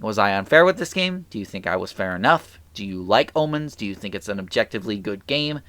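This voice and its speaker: A man's voice: on the low side, expressive, fast, fairly bright tone, no echo. A man giving an improvised game review into a mic, rambling and stuttering, asking exasperated rhetorical questions. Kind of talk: improvised video review commentary.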